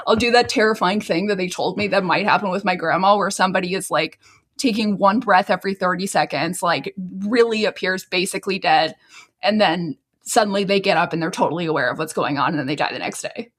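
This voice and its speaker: A woman co-hosting a podcast rants in casual banter that's sarcastic, profane, and punctuated by laughter while she waits for an edible to kick in. Her voice is on the low side, brisk, and fairly bright.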